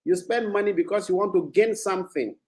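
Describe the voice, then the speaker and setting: A man with a Nigerian accent, a panelist in a casual podcast discussion, speaking in a measured way and mixing in Pidgin. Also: high voice, a little mellow.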